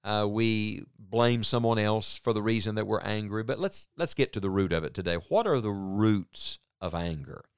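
A man's voice: fairly low pitch, normal speed, hardly any pauses, clean tone, no echo, studio quality. A man teaching from the Bible on a radio program, reading verses aloud and explaining them in an earnest, pastoral way. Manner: earnest, reads scripture aloud then explains it.

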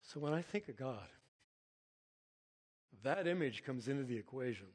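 A man's voice: medium pitch, moderate pace, long reverb tail. Earnest middle-aged man preaching. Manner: animated, earnest storytelling with chuckles. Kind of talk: sermon-style storytelling.

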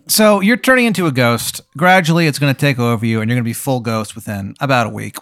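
A man's voice: mid-range voice, fast, a bit bright, no echo, clean studio sound, natural voice. A man voicing a laid-back, evasive male wizard with a terrible put-on accent, rambling and offhand.

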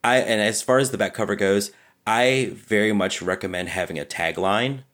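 Very deep-voiced man explaining book design. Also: moderate pace, a bit bright. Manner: easygoing, full of "you know"s and restarts. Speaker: podcast co-host, book designer. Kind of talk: casual explanatory chat.

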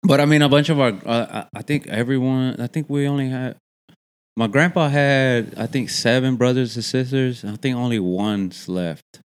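A man's voice: medium pitch, moderate pace, smooth. Laid-back man, casual storyteller, swears a lot, laughs easily. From Texas. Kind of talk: casual chat.

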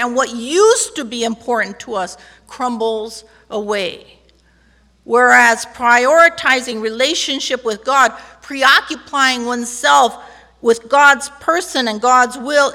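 Slow, bright-voiced woman pastor preaching. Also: high voice. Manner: emphatic, leads the congregation in call-and-response. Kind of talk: sermon. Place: church sanctuary. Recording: long church hall reverb.

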